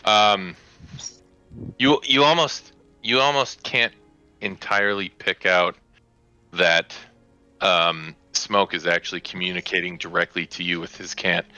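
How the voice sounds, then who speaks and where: Brief: low, bright-toned man as game master, rambling narration, faint music behind. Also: fairly even intonation, slow, long pauses, clear, resonant tone, no room sound, highs cut off. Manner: rambling, with many fillers and swearing.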